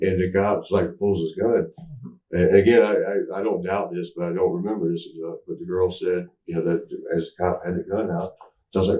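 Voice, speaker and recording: Low-voiced man telling a rambling story. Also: level tone, warm tone. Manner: rambling, halting, with many restarts and fillers. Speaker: interview guest. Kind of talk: candid storytelling. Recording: roomy echo, mic at a distance.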